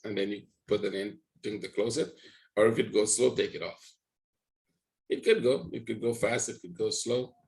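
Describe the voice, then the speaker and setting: A man with a somewhat low voice leads a live trading session, talking viewers through his charts. He rambles a little as he thinks aloud. He keeps checking in with his audience as he goes. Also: poor audio. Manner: rambling, talks to viewers with frequent "right?". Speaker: trading educator.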